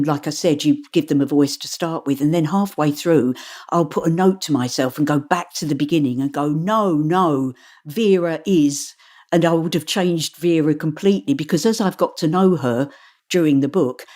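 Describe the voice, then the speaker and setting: A middle-aged woman, an audiobook narrator, talking in an interview in a chatty, animated way and laughing often. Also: deep voice. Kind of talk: interview conversation.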